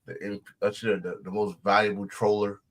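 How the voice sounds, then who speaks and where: A man co-hosting a casual wrestling podcast, animated and profane, breaking into shouts and laughs. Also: lowish voice, fairly quick, poor audio. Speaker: podcast co-host.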